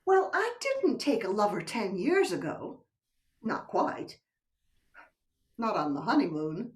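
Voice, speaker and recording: In a stage play read over a video call, a middle-aged woman actor voices a coy, teasing, unfaithful wife who sounds soothing and sometimes sinks to a whisper. Her medium-pitched voice swings widely in pitch and moves slowly. She sits a little far from the mic.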